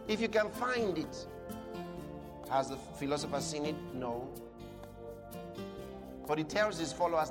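A man preaching a sermon with emphatic delivery that builds to shouts and slows on key phrases. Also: high voice, in a large hall, over music. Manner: emphatic, rising to shouts, slow drawn-out phrases.

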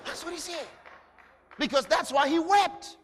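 A male preacher delivering a sermon, dramatic, swinging between hushed passages and shouted ones. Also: very high voice, measured pace, slight background noise. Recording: reverberant hall.

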